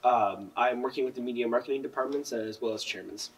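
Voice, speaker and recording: A teenage boy guests on a casual podcast, talking quickly in a polite, articulate way. He sits a little back from the mic. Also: mid-range voice, breathy edge, distant mic, poor audio. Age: teens. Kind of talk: casual chat.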